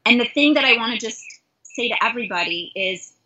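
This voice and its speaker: A middle-aged woman from Canada talks as a life coach in an interview, earnest and openly self-reflective. Her voice is bright and forceful, with a breathy, husky grain, on a dull, lo-fi recording. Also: fairly high pitch, expressive, a little fast.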